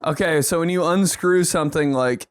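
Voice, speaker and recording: A young man co-hosting a casual comedic podcast, telling animated stories and acting out his dad in raised bursts. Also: on the high side, normal speed, clear, resonant tone, dry recording, clean studio sound. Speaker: podcast co-host.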